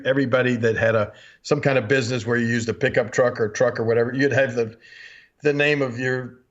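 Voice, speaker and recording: A man in his sixties with a Southern American accent, hosting a podcast and telling stories with frequent chuckles and acted-out quotes. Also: medium pitch. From Memphis, USA. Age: 60s. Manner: chuckles often, animated, acts out quotes. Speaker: podcast host. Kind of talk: anecdotal storytelling. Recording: dull lo-fi podcast audio.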